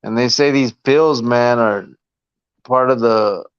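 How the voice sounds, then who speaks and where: A man's voice: medium pitch, slow, clear, resonant tone, no echo. A man hosting a casual podcast, laid-back, reading viewer comments aloud and laughing often. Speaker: podcast host. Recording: dry, slightly dull lo-fi sound.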